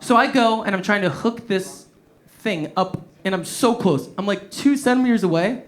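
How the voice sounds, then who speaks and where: A man's voice: high voice, moderate pace. A man headlining a stand-up comedy set on a club stage, talking into a handheld mic, swearing freely and laughing through his own punchlines.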